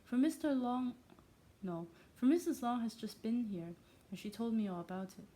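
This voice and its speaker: An excitable, pushy middle-aged mother, gossiping with shrill, insistent eagerness in a high voice, as a woman reader puts her on. Her tone is mellow and warm beneath the strain. It comes from a storybook reading by a non-native English speaker. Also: moderate pace, lightly acted. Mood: eager. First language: not English.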